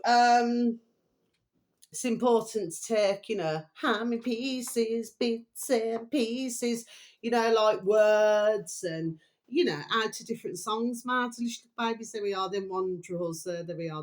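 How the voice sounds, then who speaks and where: A middle-aged woman, chatting unrehearsed to camera in a rambling, meandering way. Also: medium pitch. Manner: rambling, keeps repeating a pet phrase to viewers. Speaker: vlogger. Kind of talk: casual unrehearsed chat to camera.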